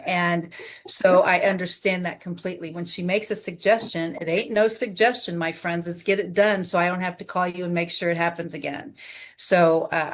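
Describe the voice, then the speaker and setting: A woman hosting a launch celebration on a video call, upbeat and playful as she calls on each speaker. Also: on the low side. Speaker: event host.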